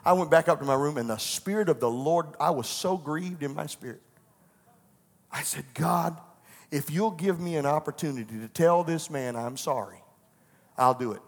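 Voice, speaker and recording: A man's voice: a little high, normal speed, big-room sound. A middle-aged man, a pastor, preaching a sermon that moves from personal storytelling into fervent preaching in a church. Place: church sanctuary.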